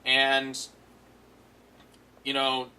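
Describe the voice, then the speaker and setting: A man's voice: medium pitch, monotone, extremely slow, sharp tone, clean tone, low-quality recording. A man giving a casual, rambling review of a cartoon episode, full of fillers and amused asides.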